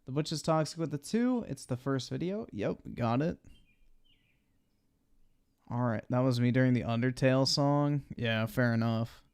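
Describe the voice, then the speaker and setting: A man's voice: medium pitch, moderate pace, a little mellow, clear, resonant tone. A young man giving blunt, profane live-stream commentary while he watches videos.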